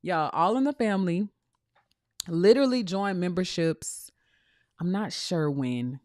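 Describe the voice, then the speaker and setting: Woman, 30s, lowish voice, dry sound, casual livestream, preachy coaching tone. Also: lively intonation, unhurried, darkish tone, no room sound. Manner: preachy, addresses viewers as y'all. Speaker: dog breeder and business coach.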